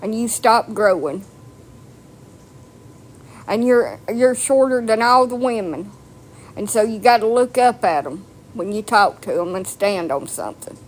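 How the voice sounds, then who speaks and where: A woman's voice: medium pitch, expressive, measured pace, long pauses. A woman delivering a blunt, profane, mocking rant to camera. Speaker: vlogger. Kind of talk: ranting monologue.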